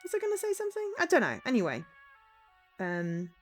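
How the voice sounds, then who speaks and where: A woman's voice: fairly high pitch, huge pitch swings, brisk, faint music behind. A woman streaming a game, chatting casually in a rambling, easily sidetracked way.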